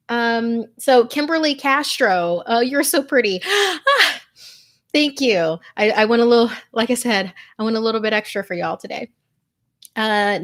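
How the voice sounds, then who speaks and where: A woman's voice: a little high, fairly bright tone. A woman hosting a live stream, chatting casually and gushing over viewer comments with lots of fillers. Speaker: host.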